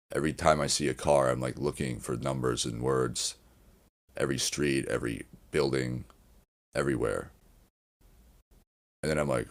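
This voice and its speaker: A man with an extremely deep voice and a gravelly rasp running through it. He talks in a loose, wandering podcast monologue, doubling back mid-sentence and swearing casually. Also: steady tone, normal speed, long pauses. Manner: meandering, frequent restarts and swearing. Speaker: podcast host.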